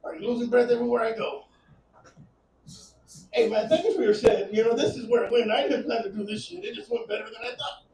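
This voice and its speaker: A stand-up comic in his thirties works a comedy club stage with a crude, rambling set, talking fast and laughing at his own jokes while out of breath. His voice is very high and a little mellow. He sounds roomy and distant, with a faint hum of ambience behind him.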